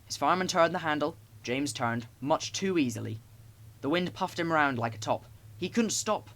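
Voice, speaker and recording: Expressive male storyteller. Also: on the high side, moderate pace. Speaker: narrator. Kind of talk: audiobook reading of children's stories.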